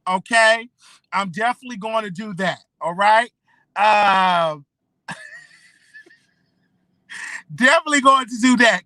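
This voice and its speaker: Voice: medium pitch, pushed and bright, no room sound. A blogger in their thirties hosting a solo commentary show, talking emphatically and checking in with the audience again and again. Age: 30s. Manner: emphatic, repeats "okay?" and "you know what I'm saying".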